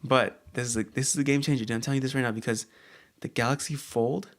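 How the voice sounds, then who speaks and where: A man co-hosting a casual chat show, talking in a halting way with many fillers and restarts. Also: medium pitch, fairly even intonation. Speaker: co-host.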